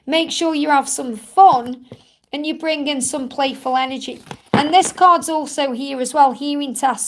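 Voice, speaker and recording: A woman with a fairly high voice hosts a live stream, turning cards and reading them for her viewers. She speaks in a soothing, reassuring way, often checking in with a gentle "okay?" as she explains. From England. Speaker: tarot reader hosting a live Q&A.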